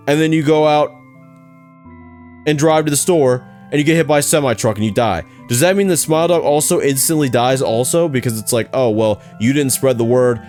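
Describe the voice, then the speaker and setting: A young man hosting a reaction video, joking around and thinking out loud in casual slang. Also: a little high.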